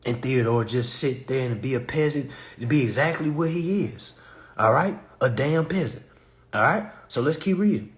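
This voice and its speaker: A man reading consumer law aloud to viewers, animated and profane, talking to them directly. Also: mid-range voice, moderate pace. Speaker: consumer finance commentator. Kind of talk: casual ranting while reading statute aloud.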